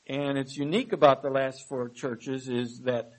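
A man preaching a sermon. He reads scripture verses aloud with emphasis and then explains them in a measured way. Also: medium pitch, fairly even intonation, rough recording. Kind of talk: sermon, Bible study reading.

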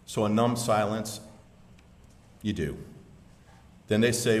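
A man's voice: lowish voice, takes it slowly, pauses often. A man preaching in a big echoing hall. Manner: dramatic storytelling, swelling then dropping to a hush. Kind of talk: sermon illustration told as a story. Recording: echoey hall with long reverb.

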